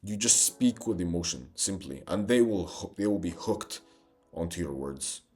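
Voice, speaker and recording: A man's voice: sits low, lively intonation, normal speed, a little mellow, faint music behind. A young man giving a motivational self-improvement monologue, intense and emphatic, swearing and calling the listener bro.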